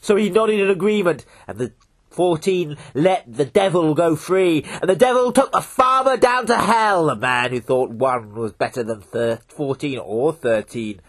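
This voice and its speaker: A male storyteller spins a folk tale with lots of drama and energy. His voice is husky and fairly high, and it moves up and down a great deal. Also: a little slow. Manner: animated, dramatic.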